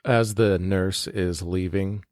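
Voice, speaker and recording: A man's voice: low-pitched, steady tone, slow pace, darkish tone, dry recording, studio quality. A man playing in a tabletop game, narrating his character's actions with amusement. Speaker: player. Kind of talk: tabletop role-play narration.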